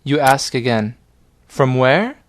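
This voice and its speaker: A man guiding a language lesson in a calm, scripted instructional manner. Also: medium pitch, slow pace, no echo, clean studio sound. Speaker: language teacher.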